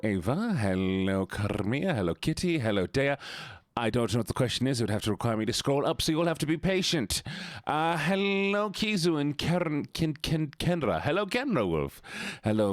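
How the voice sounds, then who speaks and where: A man's voice: mid-range voice, no echo, studio quality. A man livestreaming, chatting casually and teasing his viewers as he greets them one by one. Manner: playful, teasing, greets chat by name. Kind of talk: casual stream chat with viewers.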